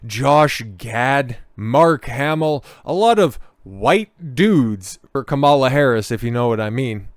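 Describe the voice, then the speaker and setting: A man's voice: medium pitch, smooth, dry recording, clean studio sound. A man hosting a political commentary vlog, sarcastic and full of mocking asides.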